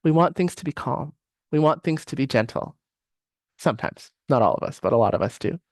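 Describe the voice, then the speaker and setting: A man's voice: medium pitch, lively intonation, a little fast, no echo, studio quality. A man presenting a live online workshop in a reflective, conversational way. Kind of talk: live online teaching session.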